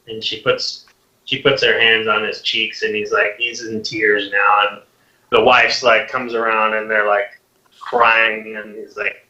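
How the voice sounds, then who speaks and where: A man narrating a tabletop game as game master, casual and halting. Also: lowish voice, flat delivery, sharp tone. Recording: roomy, distant, dull lo-fi mic.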